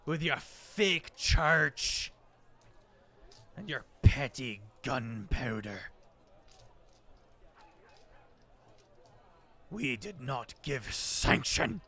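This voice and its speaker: A man voicing a huge, aggressive male dwarf lord who speaks in a booming, overloud way. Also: sharp tone, slightly rough, heavily acted.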